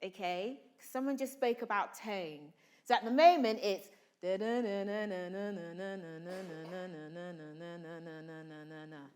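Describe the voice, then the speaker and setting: A woman's voice: fairly high pitch, moderate pace. A woman actor leading a drama workshop, coaching students and calling out questions to a room full of people. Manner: animated, calls out to the room, asks questions. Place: large room with a live audience.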